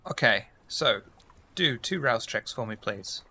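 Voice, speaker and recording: A man's voice: medium pitch, lively intonation, unhurried, pushed and bright. A man running a tabletop game as game master, narrating playfully and full of double meanings.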